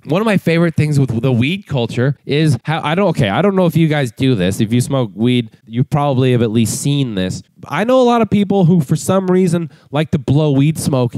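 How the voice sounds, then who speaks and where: A young man hosting his own podcast, ranting with mocking, profane humor and breaking into high voices to act out other people. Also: expressive, a little fast, hardly any pauses, warm tone, no room sound. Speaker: podcast host. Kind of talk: comedic rant.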